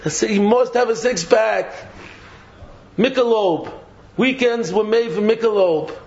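A man giving a Torah sermon, animated and mocking, laughing through his points, throwing out rhetorical questions and repeating himself. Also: high voice, a little slow, creaky. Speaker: Torah teacher. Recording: dull lo-fi recording.

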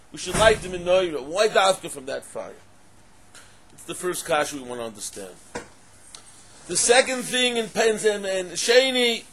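A man teaching a Torah class in a high, husky voice. He asks question after question, repeating and stressing each one. He scatters Hebrew and Aramaic terms through his English. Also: a bit bright. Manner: poses questions, then repeats and stresses them. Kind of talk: Torah lecture.

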